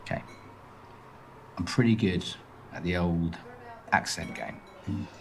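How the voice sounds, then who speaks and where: A man's voice: low-pitched, slow, vocal fry, faint music behind, exaggerated voice. A man playing a cocky, guarded young man on a date in a game, with dry, flippant comebacks.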